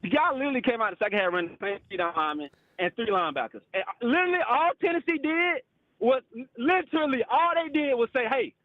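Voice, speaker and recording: High-voiced man ranting on a call-in line. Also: animated, fast, no echo, narrow, tinny audio. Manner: frustrated, profane, repeats "bro" and "literally". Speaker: caller. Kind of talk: heated call-in rant.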